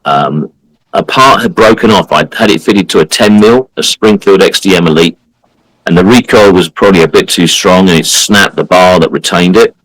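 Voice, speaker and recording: A man's voice: deep voice, normal speed, a bit bright, no room sound, poor audio. A man co-hosting a podcast, telling a story in a casual, emphatic way and acting out the people he quotes. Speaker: podcast co-host.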